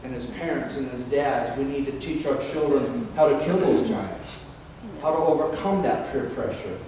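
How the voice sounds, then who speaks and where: An older man preaching a sermon in a fiery, dramatic way, reading scripture slowly and emphatically and swinging between loud and quiet. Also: medium pitch. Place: large church hall. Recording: echoey hall from far off, faint background noise.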